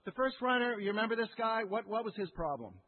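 A male pastor preaching a sermon in an animated, conversational way, asking the audience questions. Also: sits high, fast. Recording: echoey hall, tinny lo-fi sound.

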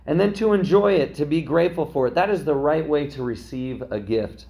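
A man's voice: on the high side, animated, brisk, few pauses, a little mellow. A man preaching a sermon in a conversational way, often checking in with his listeners. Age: young adult to middle-aged, a parent. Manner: conversational preaching, frequent "right?" asides. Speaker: pastor.

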